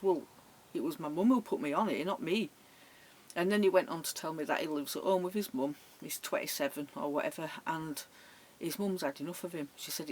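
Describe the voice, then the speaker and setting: A woman's voice: deep voice, slight background noise. A woman telling funny dating stories in a chatty, laughing way, acting out the other people's lines. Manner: chatty, laughing, acts out voices. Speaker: vlogger. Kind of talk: casual storytelling.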